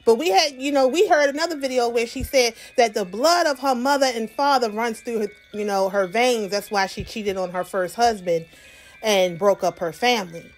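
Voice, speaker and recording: A woman's voice: on the high side, normal speed, faint music behind. A woman with a Southern accent hosting reaction commentary in a sassy, preachy way, talking straight to her viewers. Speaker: commentary host.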